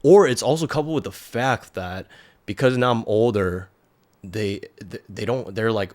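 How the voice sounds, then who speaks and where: A man's voice: on the low side, moderate pace, darkish tone. Rambling man in his thirties. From United States. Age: 30s. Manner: rambling, lots of "like" and "um". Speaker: podcast host. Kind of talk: casual storytelling.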